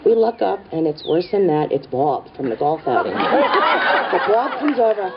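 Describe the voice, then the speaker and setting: A middle-aged woman tells a comic story on stage with wry, conspiratorial asides. Her voice sits slightly low. The recording is distant and dull, with an audience and steady noise behind her. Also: moderate pace, a faint crowd. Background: audience laughter.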